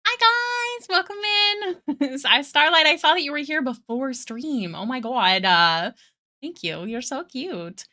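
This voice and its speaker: Young woman, art streamer, crisp bright voice, chatty, a little breathless, laughs a lot. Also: a little high, animated, measured pace. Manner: chatty, greets viewers by name, laughs often. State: a bit out of breath. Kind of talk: casual livestream chat while drawing. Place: home apartment.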